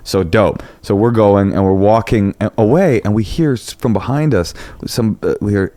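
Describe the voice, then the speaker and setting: A man's voice: fairly low pitch, normal speed, hardly any pauses, mellow, no echo. A male comedian telling a long story in casual podcast chat, acting out quotes in other voices.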